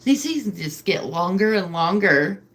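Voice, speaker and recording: A woman's voice: on the low side, lively intonation, moderate pace, fairly bright tone. Chatty woman rambling on a late-night livestream. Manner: chatty, filler-heavy, emotional. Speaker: livestream host. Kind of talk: rambling live-stream chat. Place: home at night.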